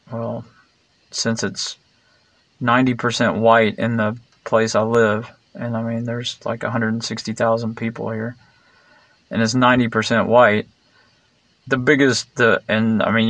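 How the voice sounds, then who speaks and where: A man's voice: mid-range voice, fairly bright tone, dry recording. A man talking in a rambling opinion monologue, meandering and digressive, blunt and sarcastic, full of fillers and restarts. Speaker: vlogger.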